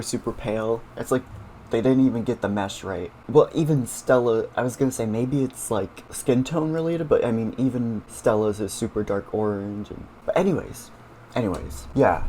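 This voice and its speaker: A man's voice: on the low side, a little mellow, slight background noise. A man hosting a casual reaction show, chatting with viewers about cartoon scenes and using lots of fillers.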